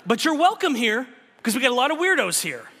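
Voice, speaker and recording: A man preaching a sermon as pastor, emphatic, swinging between loud exhortation and hushed appeals. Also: very high-pitched, sing-song, brisk, slightly rough, in a large hall.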